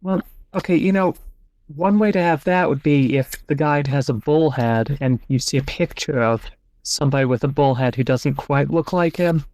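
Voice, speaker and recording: A male podcast host on an online call reads passages aloud and reasons through them, casually thinking out loud. His voice is fairly high and darkish in tone, at a moderate pace, with no echo.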